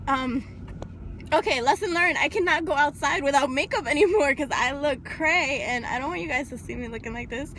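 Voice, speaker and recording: A woman with a slightly raised pitch chats to her phone camera in a casual vlog. Her talk rambles, full of fillers and quick laughs. A faint hiss sits behind her voice. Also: a bit bright. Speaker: vlogger. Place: home, then a shop fitting room, then her car. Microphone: phone camera held by hand.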